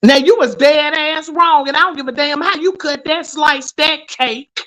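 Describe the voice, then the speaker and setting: A woman's voice: sits high, moderate pace, pushed and bright, low-quality recording. A woman vlogger in a heated, profane, confrontational rant, talking straight at her viewers.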